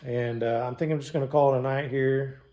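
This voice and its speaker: A man's voice: medium pitch, steady tone, fast talker, mellow. Brief: man, casual DIY mechanic vlogger, salty mouth, dry sarcasm, recorded in a home garage.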